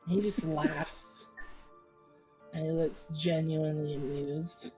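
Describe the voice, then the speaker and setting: A woman runs a tabletop game, narrating in a calm, unhurried way. Her voice is low and mellow, and the pace is slow. Faint music plays in the background. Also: rough recording. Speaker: game master.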